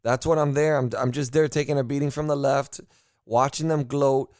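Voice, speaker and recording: Male podcast host from Miami, mid-pitched, unfiltered and profane, smooth resonant tone, dry sound. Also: fairly even intonation, normal speed, darkish tone, dry recording. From Miami, United States. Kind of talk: casual political podcast talk.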